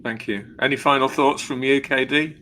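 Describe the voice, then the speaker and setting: A man's voice: medium pitch, fairly even intonation, moderate pace, pushed and bright, slight background noise. A male host wrapping up an interview with formal, appreciative thanks. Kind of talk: closing remarks of an interview.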